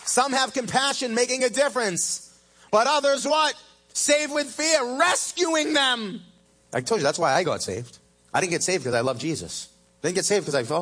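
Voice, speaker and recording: Guy preaching at church, husky, high-ish voice, goes loud then drops to quiet, drags words out. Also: expressive. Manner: dramatic swings between loud emphatic peaks and low hushed lines; drawn-out preaching cadence, stretches key phrases slowly. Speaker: pastor. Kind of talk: sermon. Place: church service.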